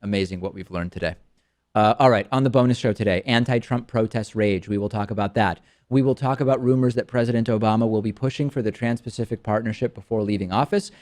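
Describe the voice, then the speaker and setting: A man hosting a talk show, bantering in a wry, animated way with his co-host. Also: lowish voice, quick pace.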